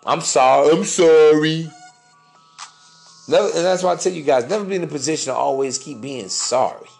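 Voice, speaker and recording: Podcast host, male, fairly high voice with gritty fry, blunt and profane, lecturing with faint music underneath. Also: fast, darkish tone. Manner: blunt, profane, preachy, slangy. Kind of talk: casual monologue.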